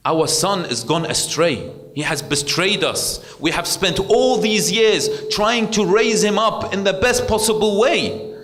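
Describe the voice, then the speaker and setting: A man's voice: extremely high pitch, big pitch swings, slow pace, fairly bright tone, reverberant, pitched above the performer's own voice, heavily acted. A man preacher voicing devout parents who anxiously plead and press their wayward son, speaking in an insistent, anguished way.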